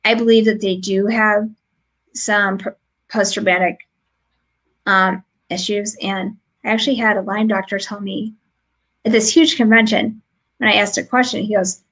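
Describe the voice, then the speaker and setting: A woman's voice: mid-range voice, steady tone, normal speed, a bit bright, poor audio. A woman podcast host chatting casually from home over a remote stream, telling stories and laughing often. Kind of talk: casual chat.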